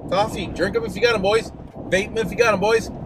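A man's voice: sits high, fairly even intonation, fast. A middle-aged Canadian man vlogging while driving, ranting in a folksy, profane, mock-worked-up way. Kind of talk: casual driving vlog rant. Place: inside a moving car. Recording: noisy car interior.

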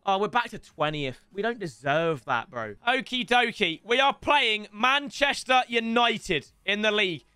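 A young man giving excitable gaming commentary, animated, swearing and yelling at the game. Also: sits high, unhurried, few pauses, smooth, dry recording. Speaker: gaming YouTuber.

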